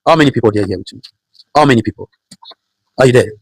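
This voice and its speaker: A man's voice: mid-range voice, fast, husky, dry recording, low-quality recording. A man preaching a sermon, emphatic and repetitive, driving his points home with rhetorical questions.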